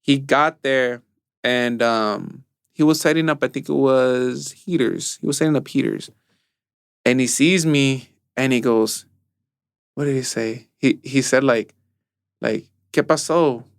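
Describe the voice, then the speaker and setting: Relaxed young man telling stories. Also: medium pitch, unhurried, creaky, clean tone, no echo, studio quality. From Mexico. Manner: storytelling, mixes in Spanish phrases. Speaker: podcast co-host. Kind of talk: casual chat.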